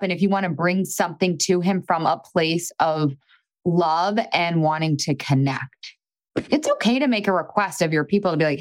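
A woman podcast host coaching a listener in a frank, chatty way, swearing casually and filling her talk with "like". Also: on the low side.

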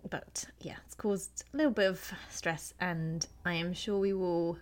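A woman's voice: fairly low pitch, steady tone, unhurried. A woman, co-hosting a podcast in casual chat, telling a long story with frequent laughter. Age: 40s. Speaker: podcast co-host.

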